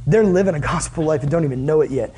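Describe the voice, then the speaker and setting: A man's voice: on the high side, quick pace, mellow. A man preaching a sermon as pastor, casual and conversational, asking the listeners many questions.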